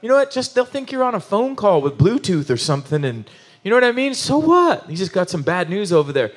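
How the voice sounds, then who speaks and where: A man preaching a sermon in an animated, emotional, conversational way, full of asides and restarts. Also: high-pitched, fast talker. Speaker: pastor.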